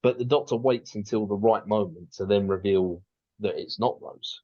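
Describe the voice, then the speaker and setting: A man's voice: on the low side, normal speed, mellow, dull audio. A man co-hosting a podcast, chatting casually and rambling with lots of restarts and fillers. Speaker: podcast co-host.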